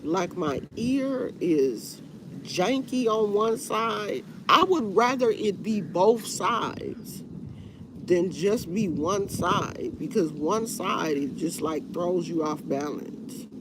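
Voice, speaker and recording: Slow-talking stuffy-nosed woman. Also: mid-range voice, expressive, noisy background. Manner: rambling, tired and fed up. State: congested, stuffy nose. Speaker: livestream host. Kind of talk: casual live chat with viewers.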